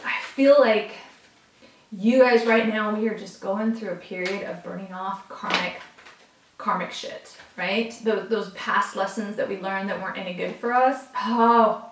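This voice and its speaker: A woman giving a casual, chatty tarot reading to her viewers, excitable and talking straight to them. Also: mid-range voice, measured pace, a little hiss or hum. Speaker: tarot reader. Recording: roomy, from a distance.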